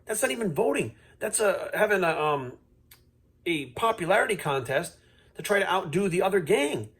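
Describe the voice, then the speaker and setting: A man's voice: sits high, big pitch swings, normal speed, a bit bright, breathy edge. A man ranting straight to camera, blunt and heated, swearing freely as he lectures his viewers. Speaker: fitness coach vlogging. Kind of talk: unscripted rant to camera.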